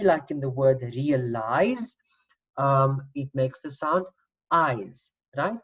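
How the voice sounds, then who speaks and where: A woman's voice: low-pitched, muffled recording. A woman teacher giving an online spelling lesson, patiently spelling out letters and repeating sounds.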